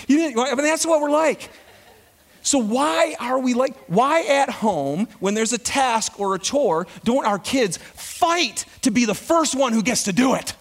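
Man, pastor, sermon, high voice, very expressive pitch, questions to the congregation. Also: moderate pace. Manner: animated preaching, questions to the congregation.

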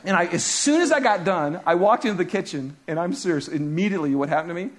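A man in his thirties preaching a sermon as a pastor, telling stories with his voice rising high and dropping low. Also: fast. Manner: animated storytelling, voice rising and dropping sharply.

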